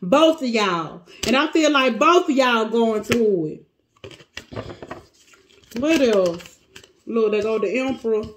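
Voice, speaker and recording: A woman with a high voice gives a casual tarot reading, exclaiming often and breaking off mid-sentence as she thinks aloud. Clear clicking noises run behind her voice. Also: a bit bright, slight background noise. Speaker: tarot reader.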